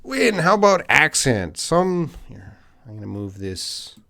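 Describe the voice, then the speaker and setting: A man's voice: mid-range voice, sing-song, measured pace, creaky, bright, forceful tone. A middle-aged man with a Canadian accent, an English teacher answering viewers' chat questions on a live stream, patient and thinking aloud with ums and hmms.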